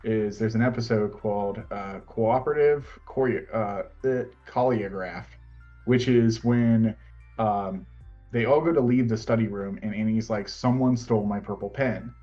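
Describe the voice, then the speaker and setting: A man's voice: on the low side, a little slow, mellow, dull audio, faint music behind. A man casually chatting about a favorite TV show, rambling and laughing often as he retells scenes. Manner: rambling, laughs often, breaks into quoted voices.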